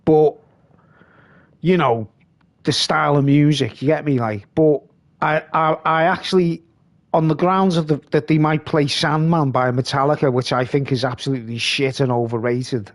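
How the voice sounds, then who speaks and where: A man's voice: a little high, fairly even intonation, normal speed. A man hosting a live stream, rambling casually and reading comments aloud.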